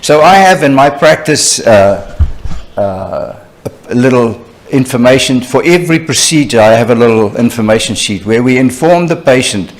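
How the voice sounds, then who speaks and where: An older man with a medium-pitched voice, a surgeon, gives an animated lecture at a conference. He's conversational, telling anecdotes and dropping in frequent "you know" asides.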